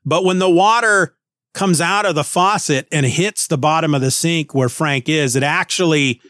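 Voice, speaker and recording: A man's voice: fairly high pitch, moderate pace, a bit bright, no echo, studio quality. A man hosting a podcast, recapping a comic book in a casual, rambling way with many restarts. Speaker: podcast host.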